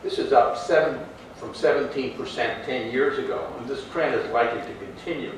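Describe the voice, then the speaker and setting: A man's voice: mid-range voice, brisk. Male professor asking a question in an echoey hall. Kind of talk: reading a debate question. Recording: echoey hall, distant mic, faint hiss.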